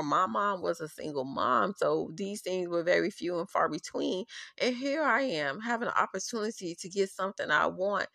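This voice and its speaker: A woman's voice: on the low side, vocal fry, fairly bright tone, no echo, clean studio sound. A woman podcast host telling a personal story in a candid, profane, openly angry way.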